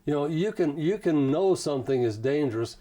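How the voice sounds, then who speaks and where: Guy on a talk show interview, rambly folksy storyteller, warm mellow voice, lots of you know. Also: on the high side, lively intonation, brisk. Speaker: interview guest. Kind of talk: casual conversational storytelling.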